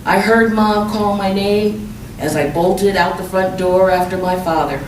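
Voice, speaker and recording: A woman author reading a chapter of her young adult novel aloud at a measured, soft-spoken pace. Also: medium pitch, slight background noise. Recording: echoey room, mic far off.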